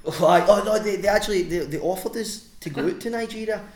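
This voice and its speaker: With a high-sitting voice and a quick pace, a man who wrestles shares a profanity-laced story as a podcast guest, often breaking into laughter. It's casual storytelling, and the sound is reverberant.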